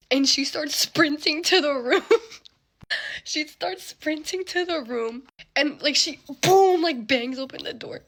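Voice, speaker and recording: A young woman telling a story in casual chat, animated and laughing often, with lots of "like" fillers. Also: sits high.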